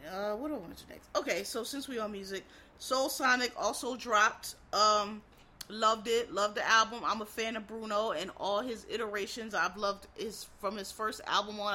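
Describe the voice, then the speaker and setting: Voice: mid-range voice, sharp tone, slight background noise, low-quality recording. A vlogger from Philadelphia with a Philadelphia accent, rambling casually and profanely to viewers as "y'all".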